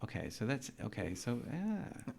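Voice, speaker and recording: A man's voice: medium pitch, wildly swooping pitch, measured pace, vocal fry, darkish tone, a little hiss or hum. A man hosting a podcast interview, casual and chatty, firing questions and saying "okay" and "dude" often. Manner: chatty, asks many questions, says dude and okay a lot. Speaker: podcast host.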